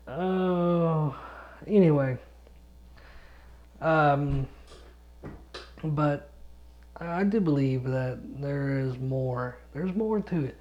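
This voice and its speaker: Young male solo podcaster, drowsy and rambling, swears freely, slow delivery, muffled lo-fi home mic. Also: on the high side. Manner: rambling, swears a lot, chuckles often, loses his thread. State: sleepy, yawning. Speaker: podcast host and gaming YouTuber. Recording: dull lo-fi home recording.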